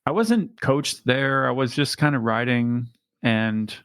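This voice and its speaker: A man with a gravelly, creaky voice at a middle pitch talks casually, wandering through his thoughts with frequent ums and restarts. He is recorded close and dry, with no room sound. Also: animated, takes it slowly, fairly bright tone, no echo. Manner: rambling, full of ums and restarts. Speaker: podcast co-host and amateur bike racer. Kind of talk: casual chat.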